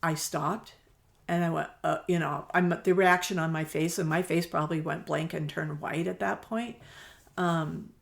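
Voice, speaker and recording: Chatty woman with a gravelly, low voice. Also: steady tone, moderate pace. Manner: chatty storyteller, acts out quoted dialogue, laughs easily. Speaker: quilt shop owner, podcast guest. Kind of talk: casual conversational interview.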